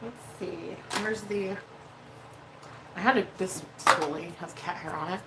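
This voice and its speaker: A woman's voice: on the low side, measured pace, heavy background noise. A woman hosting a casual makeup livestream, chatty and freely swearing as she reads out viewer messages. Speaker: livestream host doing makeup.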